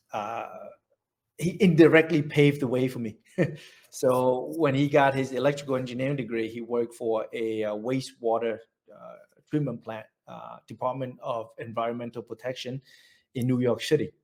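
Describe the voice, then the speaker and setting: Man, Vietnamese accent, gravelly, middle pitch, halting speech, oral history interview. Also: fairly even intonation. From central Vietnam. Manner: halting, many restarts and repeated words.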